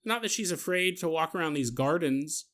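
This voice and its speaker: Animated, jokey male podcast storyteller. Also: a little high, normal speed. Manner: animated, jokey, laughs at his own asides. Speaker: podcast host. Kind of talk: comedic storytelling narration.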